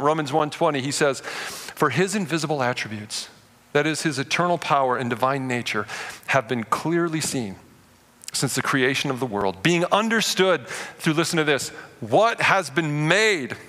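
Animated man preaching in a hall. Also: on the high side. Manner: storytelling, animated, addresses the audience directly. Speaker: pastor. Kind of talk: sermon. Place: large room before a live audience. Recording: long reverb of a large hall.

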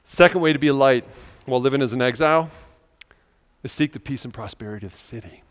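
A man's voice: medium pitch, fast talker, in a large hall. A man preaching a sermon in a church, talking in a conversational, earnest way with many rhetorical questions. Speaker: pastor. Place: church sanctuary.

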